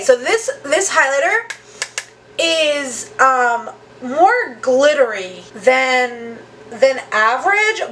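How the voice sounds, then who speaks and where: A woman's voice: high-pitched, pushed and bright, a little hiss or hum. A young woman doing a casual makeup tutorial at her home vanity, chatty and self-deprecating with lots of "like" fillers, recorded on a camera mic at close range. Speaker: beauty vlogger.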